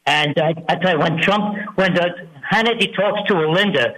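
A man's voice: high-pitched, moderate pace, fairly bright tone. Echoey New male caller on the phone. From New York. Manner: chatty, rambling. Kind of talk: call-in radio chat.

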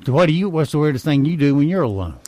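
This radio host has a slightly high, somewhat mellow voice and races through poll results and fun facts, very animated. His casual banter carries dry, wry little asides, captured in a dry recording.

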